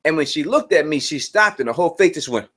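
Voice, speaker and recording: A man with a slightly higher voice hosts a live stream, talking earnestly and casually. He circles back over his points and restarts sentences as he works through what he means. His tone is conversational and direct. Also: lively intonation, fast talker, fairly bright tone. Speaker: channel host.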